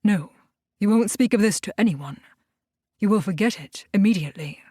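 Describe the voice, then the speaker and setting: Woman reads the devil: a powerful, calmly menacing man in an audiobook, quiet and controlled, mid pitch, dry. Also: moderate pace, slightly rough, no room sound. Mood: calm commanding. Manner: low, calm, controlled threat.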